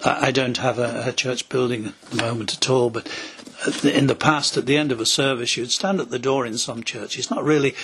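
A man's voice: medium pitch, steady tone, fairly quick, a bit bright, slight background noise. A man preaching a sermon as a pastor, telling stories and acting out quoted voices, sometimes dropping to a whisper.

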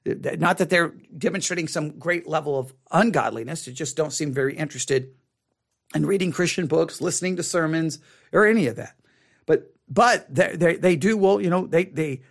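A man who is a pastor, teaching a Bible study in an animated way, often repeating and restarting his words. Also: creaky. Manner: animated, acts out quoted people with rising pitch.

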